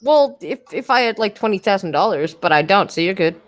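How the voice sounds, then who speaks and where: A woman's voice: medium pitch, lively intonation, fairly quick. A woman hosting a casual podcast live stream, with a dry, sarcastic-sounding delivery and frequent swearing. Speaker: podcast host.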